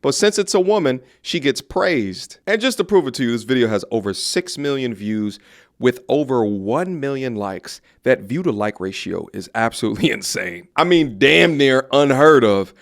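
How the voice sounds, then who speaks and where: A man's voice: mid-range voice, expressive, normal speed, creaky. A man hosting commentary, speaking bluntly in a preachy, slangy way. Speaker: host.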